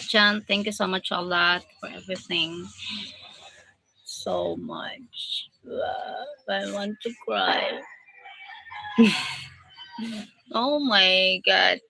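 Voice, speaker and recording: A woman's voice: mid-range voice, gravelly, pushed and bright, poor audio. A woman hosting a casual livestream, emotionally thanking viewers and reading out their comments. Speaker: livestream host.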